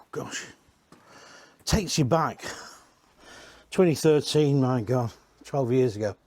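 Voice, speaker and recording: A man's voice: mid-range voice, slow pace, long pauses, darkish tone. A man giving a casual, rambling walk-around tour inside used caravans, chatting and correcting himself as he goes. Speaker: caravan industry reviewer.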